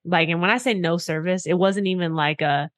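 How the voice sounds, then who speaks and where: A woman's voice: fairly low pitch, a little fast, a bit bright. A young adult woman co-hosting a podcast, telling a story in a casual chat, acting out quotes and swearing freely. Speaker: podcast co-host.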